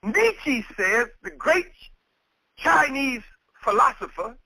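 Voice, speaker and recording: A man's voice: extremely high pitch, very animated, slow, creaky, bright, forceful tone, no echo, low-quality recording. A man preaching a sermon with an emphatic, repetitive cadence. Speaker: minister.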